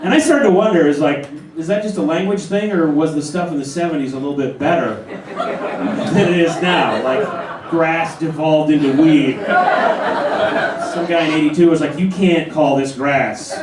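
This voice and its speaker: Forties male stand-up, animated storyteller, a touch high-pitched, recorded live in a club from the back of the room. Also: normal speed, a loud crowd. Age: 40s. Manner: animated storytelling with acted-out voices. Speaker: stand-up comedian. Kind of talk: stand-up comedy set. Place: comedy club stage. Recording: roomy club sound from a far camera. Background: audience laughter.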